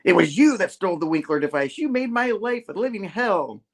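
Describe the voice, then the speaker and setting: A man's voice: very high-pitched, big pitch swings, a little fast, creaky, voice pushed up, heavily acted. A man voicing an anxious, earnest young male hero. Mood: accusing.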